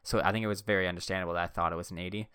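A young man talks quickly through a rambling, self-deprecating story with joking asides. His voice is bright, smooth and a touch low. It sounds dry and close to the mic. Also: steady tone, no echo. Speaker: podcast host. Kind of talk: casual storytelling. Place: seated indoors on a swivel chair.

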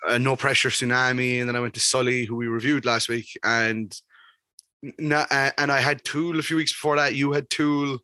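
An Irish man co-hosting a podcast, telling sweary stories in an animated, casual way. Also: medium pitch, normal speed, no room sound. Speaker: podcast co-host. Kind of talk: casual chat.

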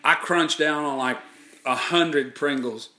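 A man's voice: a little high, slow pace, roomy sound, soft background music. A man telling a rowdy story in casual chat, swearing a lot and acting out what people said. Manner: animated, profane, acts out quotes. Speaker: podcast host telling a story.

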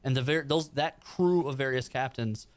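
A man co-hosting a casual pop-culture podcast, animated and playfully sarcastic. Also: medium pitch, normal speed. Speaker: podcast co-host.

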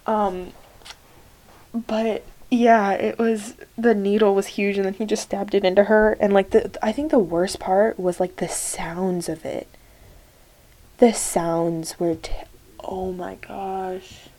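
This young podcast host talks alone in a mellow, unhurried way, her mid-range voice keeping fairly even intonation. She chats casually and gushes, packing her speech with fillers like "like" and "um."

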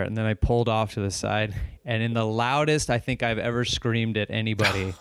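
A man, a stand-up comedian, telling a long story in casual chat, animated and profane, often restarting and acting out what people said. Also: fairly low pitch, a little fast, smooth, dry recording, clean studio sound.

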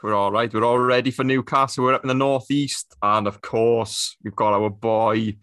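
A man co-hosting a football podcast, relaxed, introducing the guest in casual chat. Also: mid-range voice, normal speed, no echo, clean studio sound. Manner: relaxed, brief interjections. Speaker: podcast co-host.

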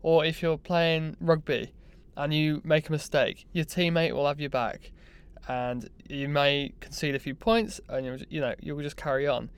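A young man telling a personal story in a casual, animated, self-mocking way. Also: a little high, normal speed, smooth. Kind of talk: casual anecdote monologue.

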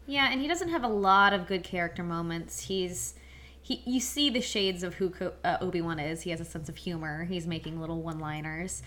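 A woman co-hosting a casual podcast discussion, speaking in a measured way, steering the talk with questions and pausing often on "um". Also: lowish voice, fairly bright tone. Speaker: podcast co-host.

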